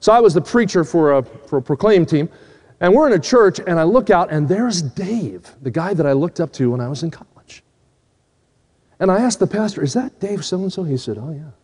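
A man's voice: a little high, expressive, moderate pace, a little mellow. A man preaching a sermon, telling a story and acting out the dialogue, then pleading earnestly with his listeners. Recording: long hall reverb.

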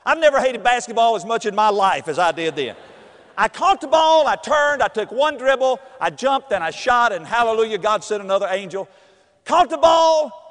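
Guy, middle-aged, high voice, acting out his story, long reverb hall sound. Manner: lively, acts out voices and shouts in the story. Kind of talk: animated personal storytelling.

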